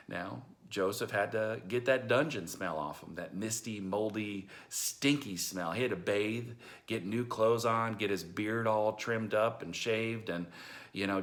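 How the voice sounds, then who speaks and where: Folksy low-voiced man retelling a Bible story. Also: fairly bright tone. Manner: folksy, acts out the characters in modern slang. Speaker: storyteller preacher.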